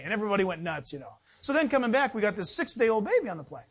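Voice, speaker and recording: A middle-aged male pastor preaching a sermon, telling a story in a lively way and acting out the voices of the people in it. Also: high-pitched, quick pace, hardly any pauses, husky. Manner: storytelling, animated, acts out voices in anecdotes.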